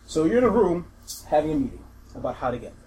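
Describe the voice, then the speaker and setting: A man running a tabletop role-playing game, explaining the situation in a relaxed, halting way and laughing often. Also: fairly high pitch, rough recording. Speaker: game master.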